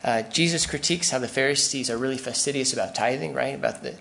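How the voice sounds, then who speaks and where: In a relaxed, conversational sermon, a pastor now and then acts out the voices of people from his examples. His male voice has an ordinary pitch and a noticeable gravelly rasp, and he talks fast over slight background noise.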